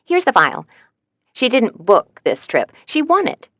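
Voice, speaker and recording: A woman's voice: a little high, huge pitch swings, a little slow, a bit bright, dry recording, voice pushed up, full character voice. A woman voicing a cheerful, talkative female travel agent in an audiobook, in a dry, slightly dull recording. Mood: chirpy.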